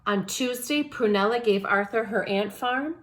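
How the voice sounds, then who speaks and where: A woman's voice: a little high, normal speed. A woman reading a children's picture book aloud, adding small lessons for young listeners. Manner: warm, lesson-minded aside to children. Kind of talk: children's story read-aloud.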